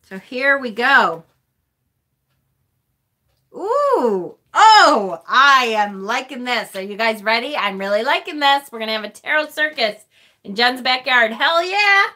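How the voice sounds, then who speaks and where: Woman tarot streamer, unhurried and gushing, fairly high bright voice; reads chat aloud. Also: big pitch swings. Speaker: tarot reader and live-stream host. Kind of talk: casual live-stream chat.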